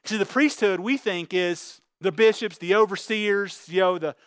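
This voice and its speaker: High-voiced preaching man, dry close sound. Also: normal speed, clean tone, no room sound. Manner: animated preaching, voicing God's words with rising intensity. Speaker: pastor. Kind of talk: sermon.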